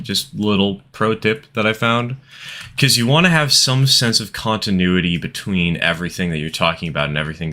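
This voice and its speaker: A man's voice: on the low side, pushed and bright. A man chatting casually as he streams a train game, rambling through asides and laughing often. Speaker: gaming streamer. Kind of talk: casual gameplay commentary.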